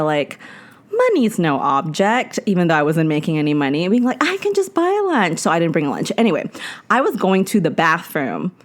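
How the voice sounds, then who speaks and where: A young woman co-hosting a podcast, telling a story in casual chat, full of fillers and frequent laughter. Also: deep voice. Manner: chatty storyteller, laughs often, lots of "like". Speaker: podcast co-host.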